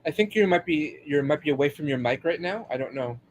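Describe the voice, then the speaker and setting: A man co-hosting a podcast in casual chat over a remote call, teasing and chatty with halting restarts. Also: fairly high pitch, expressive. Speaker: podcast co-host.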